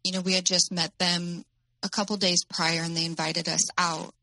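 A woman telling her own story as an interview guest, in a halting way with many fillers. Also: on the low side, little pitch movement, gravelly, sharp tone, dry recording, rough recording.

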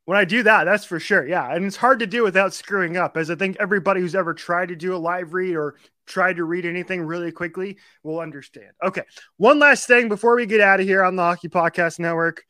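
Male podcast host, high bright voice, rapid-fire ad reads, dry close sound. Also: steady tone, no room sound. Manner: rapid auctioneer-style ad reading. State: out of breath after the read. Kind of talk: live ad read and casual chat.

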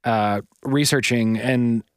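A man's voice: medium pitch, fairly even intonation, slow pace, clear, resonant tone, no room sound, studio quality. A man co-hosting a podcast in casual chat, rambling with lots of fillers and retelling stories. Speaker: podcast co-host.

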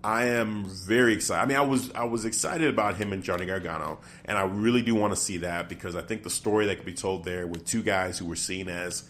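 Man, lowish voice, co-host, casual chat, thinks out loud, restarts a lot. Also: fairly even intonation, fairly quick, few pauses, slight background noise. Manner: thinks aloud, breaks off and restarts sentences.

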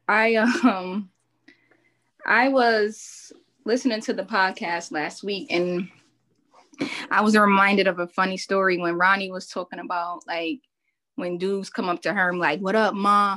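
A woman's voice: medium pitch, steady tone, unhurried, pushed and bright. A woman co-hosting a podcast, telling a funny story in a casual way and laughing as she goes.

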